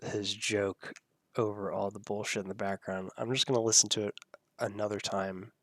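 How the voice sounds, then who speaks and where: A man's voice: lowish voice, flat delivery, normal speed, a bit bright, no echo, studio quality. A man hosting a live audio editing tutorial, thinking aloud as he works and laughing at the clips. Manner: musing, thinking aloud while working. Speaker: host.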